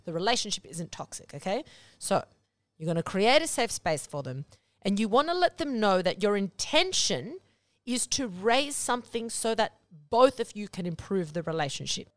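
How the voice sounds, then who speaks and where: A woman's voice: mid-range voice, sing-song, moderate pace, no room sound. A woman hosting a podcast, giving relationship advice in a casual, blunt way, swearing often and checking in with "okay?". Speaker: podcast host.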